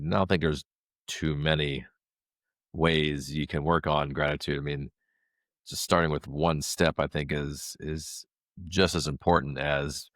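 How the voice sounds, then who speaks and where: A man's voice: a bass voice, a bit bright, dry recording, studio quality. A man talking reflectively as a podcast guest, in a casual conversation.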